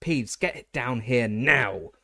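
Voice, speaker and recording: A man voicing a strict older woman professor in an audiobook reading, sharp and commanding. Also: mid-range voice, lively intonation, normal speed, husky, dry recording, studio quality. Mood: barking.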